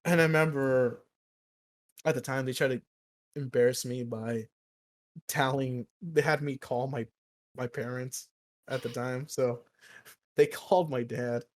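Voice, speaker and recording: A man's voice: medium pitch, steady tone, a little slow, long pauses. A young man co-hosting a podcast, telling a rambling, profane story and laughing at himself. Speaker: podcast co-host. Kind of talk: casual storytelling chat.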